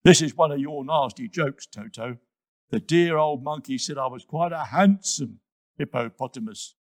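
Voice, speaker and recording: Grumpy vain hippo guy, a man doing the voice, kids story, slow and huffy, lots of ups and downs. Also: medium pitch, animated, a little mellow, no room sound. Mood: indignant. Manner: sulky, indignant, slow and emphatic. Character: vain grumpy male hippopotamus, touchy and proud. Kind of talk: children's storybook reading.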